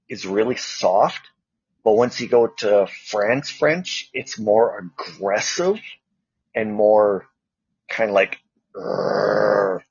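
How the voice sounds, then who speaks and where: Slow, husky-voiced rambling man. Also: lowish voice, a little mellow, dry recording, muffled recording. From Canada. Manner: rambling storyteller, full of fillers. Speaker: co-host. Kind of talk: casual chat.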